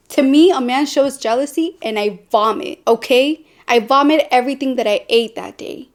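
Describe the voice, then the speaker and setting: A woman's voice: high-pitched, normal speed, few pauses. A young adult woman hosting a podcast, talking candidly and bluntly about dating, with sassy, sarcastic asides. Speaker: podcast host. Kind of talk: candid personal talk.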